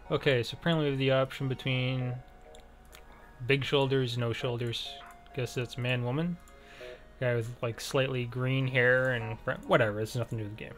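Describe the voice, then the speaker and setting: A man talks his way through a game, thinking aloud and filling pauses as he goes. His voice sits at an ordinary middle pitch, and he slips in little self-deprecating jokes. Faint game music plays underneath. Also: level tone, a bit bright. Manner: thinks aloud, rambling with many fillers. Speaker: let's play gamer. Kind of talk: casual gameplay commentary.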